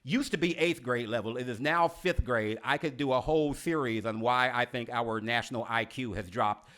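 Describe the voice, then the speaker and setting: A man hosting a leadership video series, talking to the viewer as a coach in an expressive, teacherly way and slowing down for emphasis. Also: mid-range voice. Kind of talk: scripted instructional talk to camera.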